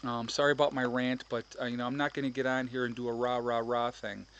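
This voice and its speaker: A man's voice: mid-range voice, flat delivery, fast talker, a bit bright, slight background noise. A middle-aged man ranting heatedly to his viewers in a vlog, repeating himself and talking to them directly. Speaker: vlogger. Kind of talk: ranting to camera.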